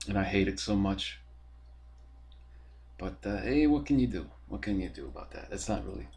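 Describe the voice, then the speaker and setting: A man's voice: on the low side, a little mellow. A man hosting a podcast from his apartment, ranting in a rambling, profane and exasperated way. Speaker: podcast host. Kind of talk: casual ranting monologue.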